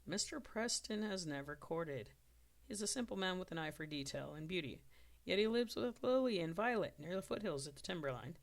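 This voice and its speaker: A middle-pitched storyteller reads an unpolished story draft aloud. The reading is steady and plain, with now and then a stumble and a quick fix. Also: gravelly. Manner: steady reading with occasional self-corrections. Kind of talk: storybook narration.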